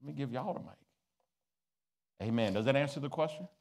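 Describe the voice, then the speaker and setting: A man's voice: medium pitch, brisk, vocal fry. A man pastoring a church, preaching a sermon and calling on the congregation to answer back. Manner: preaching, rising to loud exhortation, calling for responses. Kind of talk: sermon with audience call-and-response.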